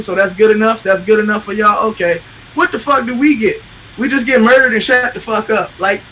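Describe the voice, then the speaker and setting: A man with a high, bright, forceful voice speaks in raw, impassioned bursts, swearing and repeating himself. He hosts a casual podcast chat. A faint hiss of background noise sits under the recording. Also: poor audio. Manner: impassioned, profane, repetitive.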